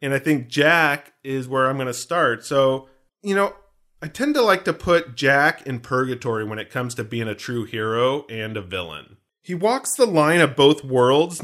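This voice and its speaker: A man's voice: mid-range voice, fairly bright tone. Joking, rambling male podcast host. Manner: joking, rambling, throws in pop-culture references. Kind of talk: casual chat.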